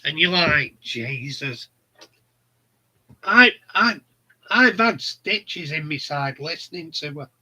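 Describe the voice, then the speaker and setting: A middle-aged man rambles through stories in blunt, casual chat. He talks unhurriedly in a bright, edgy voice that sits a little high for a man. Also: expressive, unhurried, breathy edge, poor audio. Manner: rambling, blunt, laughs at his own stories. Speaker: channel host.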